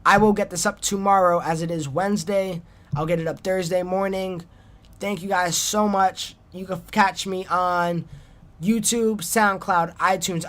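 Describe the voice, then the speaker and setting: A man's voice: high voice, a bit bright. A young man hosting his own solo wrestling podcast, rambling casually and poking fun at his own awkward sign-offs. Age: young adult. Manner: rambling and self-deprecating, trailing off in restarts. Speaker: podcast host.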